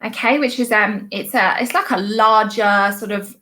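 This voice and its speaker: A young woman, a primary school teacher, giving a recorded online lesson to young children with bright, encouraging, sing-song praise. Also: mid-range voice, steady tone, moderate pace.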